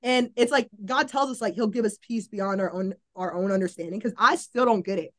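A woman's voice: medium pitch, fairly quick. Young woman, college athlete, earnest, casual testimony, lots of "like", acts out her past thoughts. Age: young adult. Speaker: college volleyball player, podcast guest.

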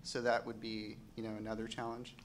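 A man's voice: fairly low pitch, monotone, a little fast, a little hiss or hum. A man on a conference panel answering audience questions with technical explanations.

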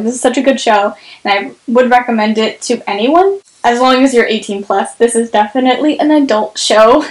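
Giggly chatty young woman in an echoey room. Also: fairly high pitch. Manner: giggly, chatty, lots of fillers and restarts. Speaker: book vlogger. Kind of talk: casual review vlog and bloopers.

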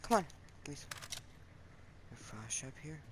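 A young man chatting casually over his own gameplay, jumpy and quick to yelp when startled. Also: fairly high pitch, very animated. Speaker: gamer streaming his match. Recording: noisy game audio behind voice.

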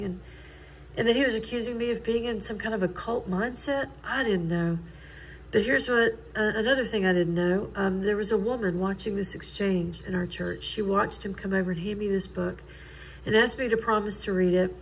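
A middle-aged Christian woman shares her personal faith testimony earnestly and conversationally, quoting what others said in dialogue. Her medium-pitched voice is creaky and moves at a moderate pace, and the poor recording carries slight background noise.

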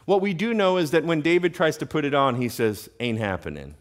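A man's voice: on the high side, expressive, a little fast. A man preaching a sermon in a church, talking conversationally and often checking in with the congregation with questions. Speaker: pastor. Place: church sanctuary.

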